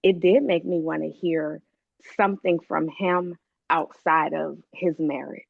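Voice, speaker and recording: A woman's voice: low voice, steady tone, a little slow, vocal fry, no echo. A woman hosting a casual book club chat, teasing and laughing often. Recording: dull dry video call audio.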